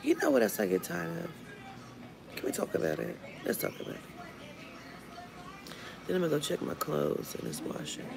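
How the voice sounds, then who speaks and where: Gravelly low woman ranting over music. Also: expressive, fairly quick. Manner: blunt and profane, retelling a run-in. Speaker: vlogger. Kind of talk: casual storytime rant. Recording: music playing under the voice.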